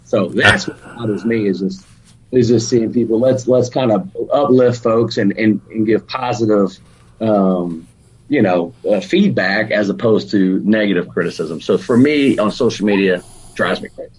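A man with an Alabama accent talks easily as a guest on a podcast. His voice is husky and breathy at the edges. He rambles in a friendly, slangy way, full of "man" and "dude". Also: fairly low pitch, moderate pace, low-quality recording. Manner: animated and laid-back, sprinkled with "man" and "dude". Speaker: competition barbecue pitmaster, guest. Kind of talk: casual podcast interview.

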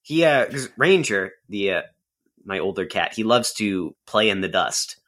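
A man's voice: fairly low pitch, sing-song, unhurried, a bit bright. A man co-hosting a casual podcast from home, joking and laughing often. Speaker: podcast co-host. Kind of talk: casual chat.

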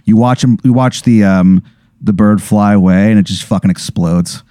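A man's voice: on the low side, normal speed, warm tone, no room sound, clean studio sound. A man hosting a podcast who tells a comic hypothetical story in a rambling, profane way, full of fillers. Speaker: podcast host.

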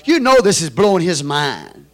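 A man with a Texan accent preaching a sermon as pastor, moving from quiet storytelling to loud, shouted exhortation. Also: on the high side, very animated, normal speed.

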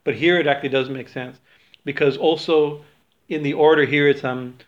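A man teaching a small group in an informal spiritual talk, halting with many fillers and restarts. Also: on the high side, steady tone, lo-fi sound.

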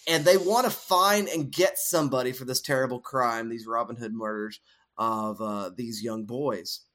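This co-host of a casual film discussion podcast has a mid-range, slightly bright voice and speaks at a moderate pace. He explains ideas thoughtfully and at length, leaning on frequent fillers.

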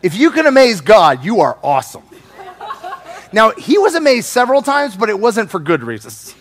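Male preacher, high and very expressive, playful sermon delivery. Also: moderate pace. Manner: animated and playful, acting out voices.

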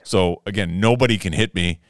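Young guy on a podcast, low smooth voice, swears a ton, gets loud retelling stuff. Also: fairly quick, dry recording, clean studio sound. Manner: animated, swears a lot, yells when retelling anger. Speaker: podcast co-host. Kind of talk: casual chat, storytelling.

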